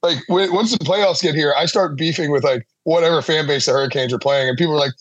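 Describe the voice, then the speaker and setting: A man's voice: on the high side, fast talker, a bit bright, no room sound, lo-fi sound. A man appearing as a guest sportswriter in casual podcast chat, rambling and self-deprecating, with frequent laughs.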